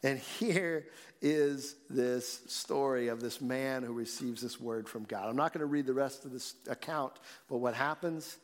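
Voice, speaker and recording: A man preaching a sermon, reading scripture slowly and then explaining it in a conversational way. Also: medium pitch. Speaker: pastor. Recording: long reverb in a large hall.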